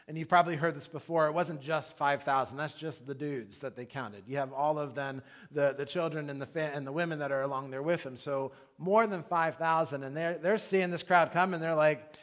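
Man in his thirties, slightly high voice; casual, lively sermon delivery. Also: moderate pace. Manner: conversational, animated preaching with asides. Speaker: pastor.

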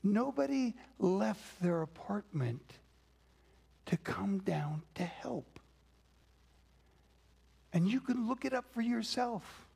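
A man's voice: high-pitched, animated, takes it slowly, creaky, pauses often, a little mellow, husky. A man preaching a sermon, telling stories and dropping to a whisper for emphasis. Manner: dramatic, drops to a whisper for emphasis. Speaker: pastor.

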